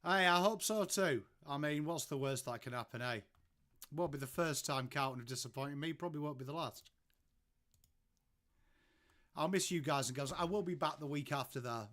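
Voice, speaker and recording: This English-accented man's voice is a little high and a bit bright; he talks at normal speed but pauses often. He's hosting a casual watchalong live stream from home, chatting and greeting viewers by name in response to their messages.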